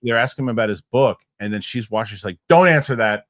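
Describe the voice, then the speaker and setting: Man, host, casual chat, rambling, lowish voice, dry close sound. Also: steady tone, fast talker, no echo. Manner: loose, rambling, reads comments aloud. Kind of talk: casual livestream chat reading viewer comments.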